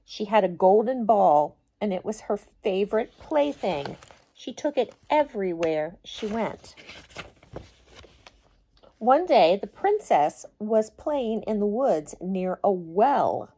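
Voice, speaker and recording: Slow, gentle woman reading a storybook. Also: mid-range voice. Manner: slow, gentle and expressive, chatting with young listeners. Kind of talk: reading a picture book aloud to children.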